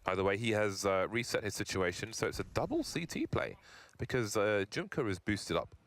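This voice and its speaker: A man doing quick, excitable play-by-play esports commentary in a studio, with dry jokes between calls. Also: fairly low pitch. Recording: noisy broadcast with game sounds.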